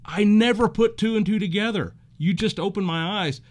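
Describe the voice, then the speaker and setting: A man's voice: high-pitched, moderate pace. A man co-hosting a talk show, eager and reactive, chiming in and laughing along with the guest. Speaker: co-host. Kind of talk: casual talk-show chat.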